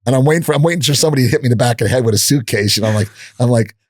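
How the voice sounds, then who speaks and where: A man in his sixties, a podcast guest, telling animated stories with many restarts and a bit of swearing. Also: medium pitch, rapid-fire, husky, no echo, clean studio sound. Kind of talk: anecdotal storytelling in an interview.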